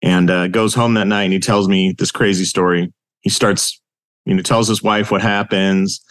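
A man hosting an interview podcast, chatty and relaxed, with lots of fillers and casual swearing. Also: low voice, normal speed, no echo, clean studio sound. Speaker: podcast host.

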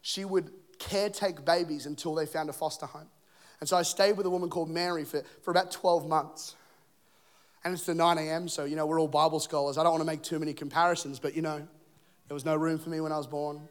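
A man in his thirties preaching a sermon, telling his story in a relaxed, chatty way full of fillers. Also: on the high side. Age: 30s. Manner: fast, casual storytelling with fillers.

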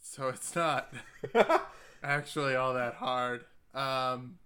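A man's voice: medium pitch, very slow, pushed and bright, smooth. A man playing his character in a tabletop game, laid-back and laughing easily. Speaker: player.

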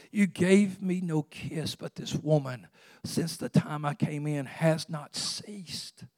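A preacher voicing Jesus, calm and pleading. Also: male voice, fairly high pitch, creaky, full character voice. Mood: gentle.

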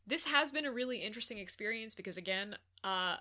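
A woman's voice: mid-range voice, lively intonation, fast, pushed and bright. A woman co-hosting a podcast in casual chat, rambling and tripping over her words, laughing often. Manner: rambling, self-interrupting, laughs a lot. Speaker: podcast co-host.

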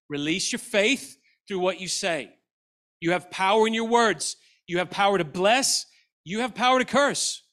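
A male pastor preaching a sermon to a church audience, animated and acting out the lines of Bible characters. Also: high-pitched. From Australia. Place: church hall.

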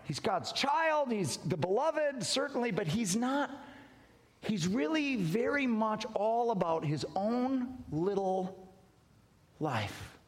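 Man preaching a story, high voice jumping all over, big echoey hall. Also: slow pace. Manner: animated, wide swings in pitch and loudness, acts out dialogue. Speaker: pastor. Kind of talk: storytelling sermon.

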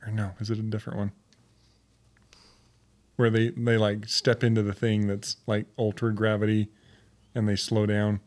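A man's voice: on the low side, monotone, normal speed, long pauses, darkish tone. A man in casual podcast chat, speaking hesitantly and searching for his words. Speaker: podcast co-host.

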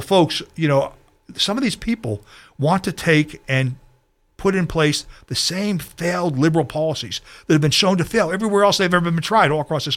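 A man's voice: a little high, a bit bright. A local party official, a man, speaking passionately to viewers about politics and ranting a little as he goes. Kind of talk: political talk addressing viewers.

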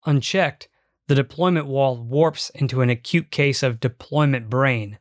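A man giving measured, reflective first-person audiobook narration. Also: medium pitch, no echo, studio quality.

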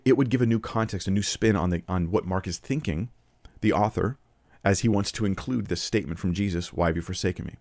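A man's voice: deep voice, a little mellow, no echo. A man giving an earnest, argumentative spoken commentary for a video, quoting scripture and often restarting his phrases. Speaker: Christian apologetics video presenter.

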